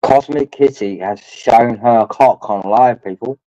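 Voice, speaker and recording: Over dull lo-fi stream audio with no room sound, a man talks to his livestream chat in a rambling, crude way as he drinks. He swears often and calls the viewers his lads. His voice is mid-range and dark, a little slow.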